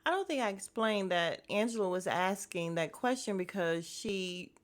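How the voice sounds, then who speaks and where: Recapping a reality show on her podcast, this woman speaks at a normal speed in a middle-pitched voice with lively intonation. She's blunt and gossipy, tossing in slang and swearing, and her chatty talk wanders with lots of fillers.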